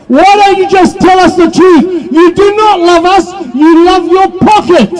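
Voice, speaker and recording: An Australian man giving an impassioned protest speech outdoors, shouting to the crowd at a rally. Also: very high voice, measured pace, few pauses, low-quality recording. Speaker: rally speaker. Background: faint crowd.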